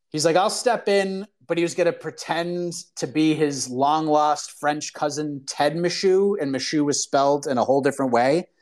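Man, podcast host, casual solo talk, excitable, rambling, slangy, slightly high voice.

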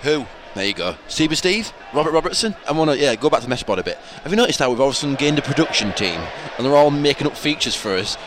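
A man's voice: medium pitch, very animated, very fast, hardly any pauses, fairly bright tone. A man co-hosting a casual football podcast, laughing and arguing playfully. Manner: laughing, bantering, argumentative. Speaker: podcast co-host. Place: outdoors at a football stadium. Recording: noisy outdoor stadium recording.

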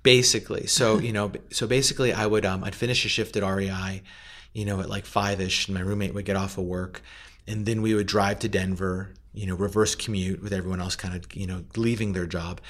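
A middle-aged man speaks in a relaxed, storytelling way, his voice sitting a little low. He drops plenty of fillers and slips into little performances of the people in his story. It sounds like a casual interview. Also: brisk. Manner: animated, acts out quoted voices, many fillers. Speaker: food company founder, guest.

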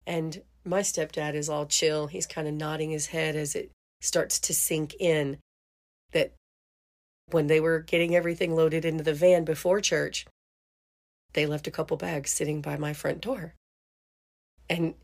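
Chatty woman podcast host, lowish voice. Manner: chatty, laughs often, says "you know" a lot. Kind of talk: casual storytelling.

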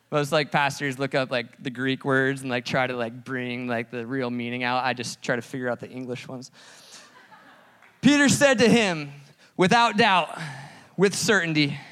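A man's voice: a little high, a bit bright, smooth. A man preaching a sermon as pastor, casual and joking between scripture readings. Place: church hall. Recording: large hall with long reverb.

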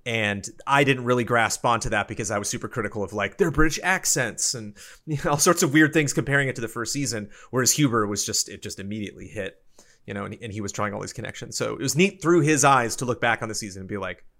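A man's voice: mid-range voice, quick pace. Rambling man in casual chat. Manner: rambling, animated, many fillers. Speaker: podcast co-host.

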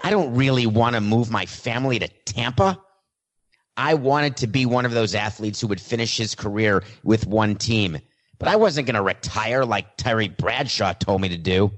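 A man's voice: lowish voice, moderate pace, close to an everyday voice. A man voicing a famous male star quarterback who answers press questions with blunt honesty, in his own plain voice. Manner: plain own voice, no attempt at an impression. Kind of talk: mock press-conference monologue.

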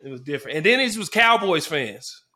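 A man's voice: fairly high pitch, fairly quick. A man, a former football player, telling stories in casual sports talk and acting out the fans around him. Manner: animated storyteller, acts out fans in the stands.

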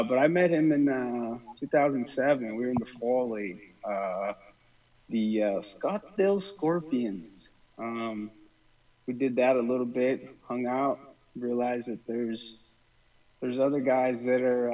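A man's voice: medium pitch, a little slow, darkish tone. A laid-back Mexican-American man talks through an interview in a loose, rambling way, full of fillers. He sounds a little far from the mic, and the sound is dull, like a radio broadcast. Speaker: professional baseball player, guest. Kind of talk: casual interview chat.

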